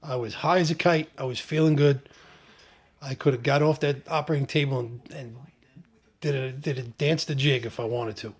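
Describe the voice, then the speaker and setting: A man vlogging about his own surgery in a relaxed, joking way, with many ums and restarts. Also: mid-range voice, normal speed, husky. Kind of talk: casual first-person storytelling.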